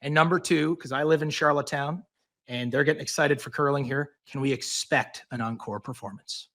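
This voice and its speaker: Casting: Canadian male podcast co-host, fairly high voice, playful and teasing. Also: brisk, a bit bright. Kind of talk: casual podcast chat.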